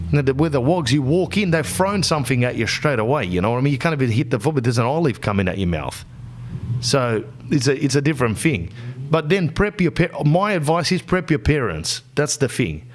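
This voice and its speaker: Australian male podcast host, comic storyteller, slangy and rambling, lively swinging pitch. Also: fairly quick. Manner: animated, slips into characters' voices. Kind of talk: comedic storytelling monologue.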